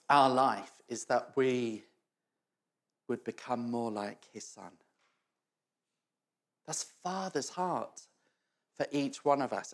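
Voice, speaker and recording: A man preaching a sermon, telling funny stories, acting out the voices of the people in them and laughing often. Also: on the high side. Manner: storytelling, acts out quoted voices, laughs often. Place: church hall. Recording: echoey church hall.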